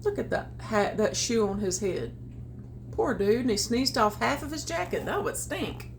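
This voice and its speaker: Lady reading a picture book to kids, lively, chats about the pics, bit high pitched. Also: moderate pace, slight background noise. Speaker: storytime reader. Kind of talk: children's read-aloud with commentary.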